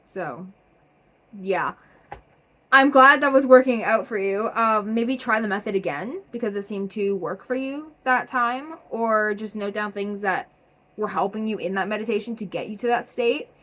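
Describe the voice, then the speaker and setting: A young woman vlogger reading viewers' submitted stories aloud in a casual, chatty way, energetic and full of fillers. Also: mid-range voice, normal speed.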